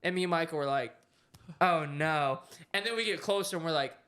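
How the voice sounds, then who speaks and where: A young man with a high voice tells a story on a podcast in a casual, animated way. He laughs often as he talks. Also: a little fast. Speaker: podcast co-host.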